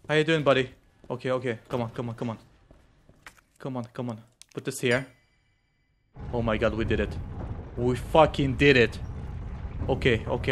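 A man giving reactive gameplay commentary, muttering quietly when tense and yelping and swearing when startled. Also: mid-range voice, fairly even intonation, normal speed, long pauses. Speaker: gamer.

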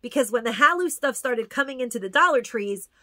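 A woman's voice: fairly high pitch, lively intonation, brisk, sharp tone, no echo. Woman, casual haul chat, gushing, repeats herself, dry close sound. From New York. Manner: chatty, gushing, repeats words for emphasis. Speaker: haul vlogger.

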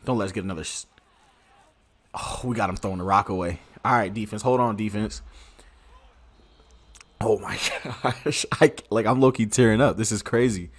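A man streaming a football video game, giving excitable, slangy live commentary and talking to his viewers. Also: on the low side, fast. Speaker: gaming streamer. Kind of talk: casual live gameplay commentary.

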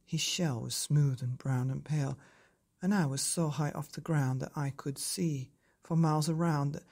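Bedtime podcast reader, mid-range voice, lively rhyming storybook narration. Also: medium pitch, moderate pace, gravelly. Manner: lively, rhythmic read-aloud. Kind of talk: storybook reading in rhyme.

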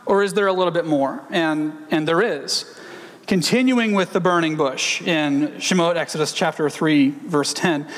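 A man's voice: a little high, normal speed, fairly bright tone. A man giving a sermon-style teaching who reads scripture aloud, uses Hebrew terms and asks rhetorical questions. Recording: long hall reverb.

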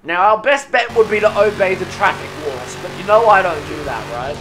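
A young man giving live commentary while streaming a racing game, excitable and whooping at near misses. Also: sits high, moderate pace. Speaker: gaming streamer. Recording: game audio with engine noise.

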